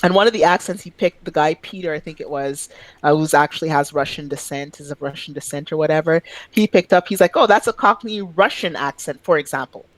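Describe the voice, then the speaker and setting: A woman from Quebec chats on a podcast in a somewhat low voice. She tells animated stories, bursts into sudden high-pitched exclamations and swears freely. The sound is dry and close, with no room echo. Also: brisk. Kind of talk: casual chat.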